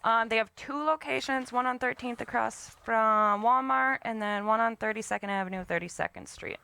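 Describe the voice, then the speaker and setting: A woman being interviewed as a guest on a casual talk show, answering in a relaxed, matter-of-fact way. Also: a little high, normal speed, creaky, clear, resonant tone. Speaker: guest, business owner. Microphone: studio mic.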